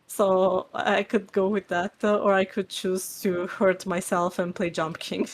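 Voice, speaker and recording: A woman's voice: medium pitch, flat delivery, unhurried, a little hiss or hum. A woman guest on a stream chatting casually, very tired, with a stuffy nose, giggling and hesitant. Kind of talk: casual chat.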